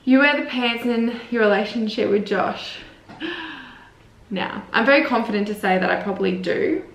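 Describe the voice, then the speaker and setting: Young Australian woman vlogger, casual and filler-heavy, gravelly edge, roomy sound. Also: mid-range voice, a bit bright. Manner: chatty, heavy use of "like" fillers. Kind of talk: casual chat answering viewer assumptions. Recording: roomy echo.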